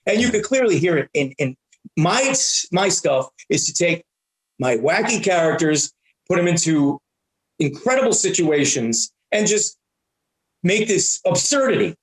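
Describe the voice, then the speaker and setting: A man around sixty, a comedian guest telling animated stories and stumbling over repeated words. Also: high-pitched, a little slow. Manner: excitable, repeats and restarts words often. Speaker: guest, prank-call comedian and voice actor. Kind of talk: animated anecdotal storytelling. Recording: roomy echo.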